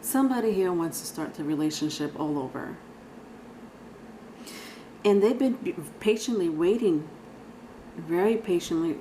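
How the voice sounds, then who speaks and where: Female tarot reader, low-pitched, chatty and rambling, speaking directly to her viewers. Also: dark tone, slight background noise, rough recording. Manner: chatty, rambling, frequent sighs and laughs. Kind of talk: casual tarot reading.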